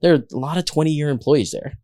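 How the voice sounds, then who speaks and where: A man, a chef who is a guest on a podcast, telling animated stories in casual chat and acting out the voices of the people in them. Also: on the high side, fast. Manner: animated, acts out quoted voices.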